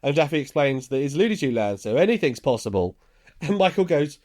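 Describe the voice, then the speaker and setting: A man's voice: on the high side, sing-song, a little fast, darkish tone. A man, casually recounting a film's plot scene by scene on a podcast, chuckling as he goes. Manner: laid-back storytelling, chuckles while recounting scenes. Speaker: podcast co-host. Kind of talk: casual film recap.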